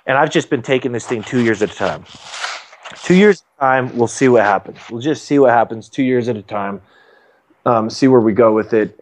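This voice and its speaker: A man in his thirties, a state legislator, telling his story in a casual interview, rambling and self-deprecating with many restarts. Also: fairly low pitch.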